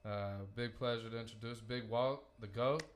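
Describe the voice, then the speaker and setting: A man's voice: mid-range voice, steady tone, moderate pace, background noise. A man hosting a podcast in a hyped, slangy casual chat, with some swearing. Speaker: podcast host.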